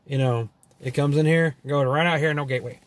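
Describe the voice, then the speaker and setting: A man's voice: on the high side, steady tone, a little fast. A man from Texas with a Texan accent, telling loose, profane stories full of fillers and trailing thoughts. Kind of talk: rambling storytelling monologue.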